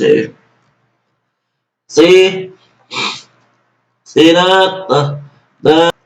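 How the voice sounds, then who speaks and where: Guy ranting on his vlog, kinda high voice, swears, sounds far off in a roomy space. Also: expressive, slow, long pauses. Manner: exasperated, swearing, mocking. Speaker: vlogger. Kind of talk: ranting commentary. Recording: echoey room, away from mic.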